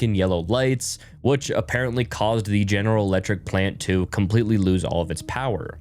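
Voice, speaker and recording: A man's voice: lowish voice, a little mellow. A man narrating a video from a script in a conversational way, speaking straight to his viewers. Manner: conversational, addresses viewers directly. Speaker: YouTube narrator.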